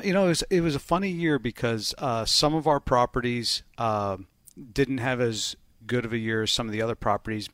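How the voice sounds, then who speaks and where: A man's voice: medium pitch, a bit bright, no echo. A man who works as a bookmaker, casually and methodically explaining betting lines on a podcast, laughing easily. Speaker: sportsbook bookmaker, co-host.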